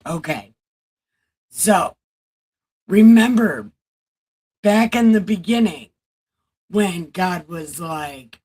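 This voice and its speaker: A woman reading the Bible aloud on a casual livestream, halting over the text and breaking off into chatty, salty asides. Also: fairly low pitch, expressive, a little mellow, slightly rough, poor audio.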